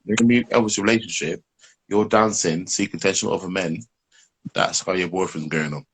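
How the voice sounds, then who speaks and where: A middle-aged man with a husky voice, rambling through relationship advice in casual chat and laughing at his own stories. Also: low voice, brisk, a bit bright, slight background noise. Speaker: podcast co-host giving relationship advice.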